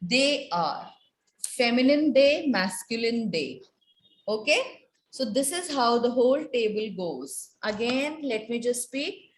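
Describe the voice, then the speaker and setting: Brief: woman teacher, slow and measured, slightly high voice, echoey classroom. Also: lively intonation. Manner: slow, patient, repeats and quizzes students. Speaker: French teacher. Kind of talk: classroom lecture. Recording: echoey room with faint noise.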